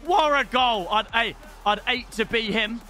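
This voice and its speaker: A young British man commentating live on his own gameplay, excitable and casual, swearing freely and shouting at big moments. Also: very high-pitched, measured pace, music in the background. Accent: British English. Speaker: gaming streamer.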